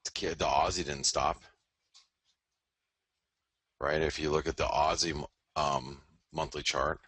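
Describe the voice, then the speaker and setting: Man, show host, forceful delivery, dry close sound; casual market talk, thinks aloud and backtracks. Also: a bass voice, slightly rough, no echo. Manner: rambling, self-correcting, talks to himself. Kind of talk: casual live market commentary.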